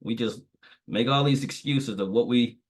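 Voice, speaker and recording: On a video call, a male guest trainer delivers a motivational talk at normal speed and medium pitch. His style is preachy and repetitive, and he works a parable into it.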